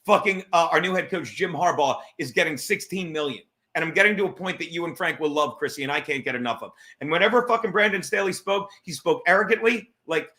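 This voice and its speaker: Middle-aged comedy podcast guy ranting, high bright voice, swears constantly, keeps restarting his sentences. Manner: fast, rambling, swears a lot, restarts mid-thought. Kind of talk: profane rambling monologue.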